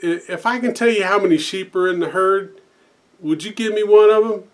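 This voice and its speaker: A man's voice: a little fast, natural voice. A man voicing a naive, cheerful woman tourist in a raised, put-on voice. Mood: eager. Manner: higher put-on voice.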